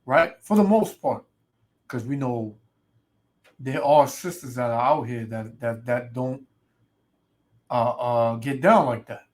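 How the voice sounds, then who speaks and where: A man preaching in a ranting way, reading scripture slowly and adding "man" and "right" to nearly every line. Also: medium pitch. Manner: reads scripture slowly and loudly. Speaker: street preacher. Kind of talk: ranting sermon video.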